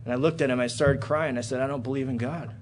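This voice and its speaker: A man speaking fast, with background noise, delivers his recovery story as an AA speaker in a convention hotel room. He swears openly, and his dramatic telling swings between loud, excited outbursts and hushed, low sections.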